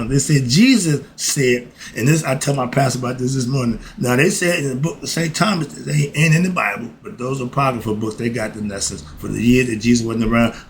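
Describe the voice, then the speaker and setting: A man's voice: mid-range voice, a little hiss or hum. An older man giving life advice in a casual monologue, folksy and emphatic, breaking off with frequent asides.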